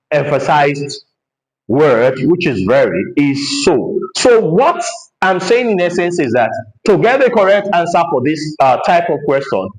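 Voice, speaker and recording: A man teaching an English lesson, explaining his points slowly and repeating phrases with heavy stress to show emphasis. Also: a little high, reverberant, poor audio.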